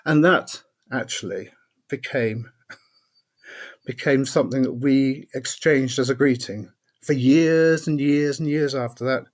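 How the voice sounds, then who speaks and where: An older man, a podcast guest telling anecdotes in a lively way, laughing often and acting out what others said. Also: mid-range voice. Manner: lively raconteur, laughs often, acts out quotes. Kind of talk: anecdotal storytelling.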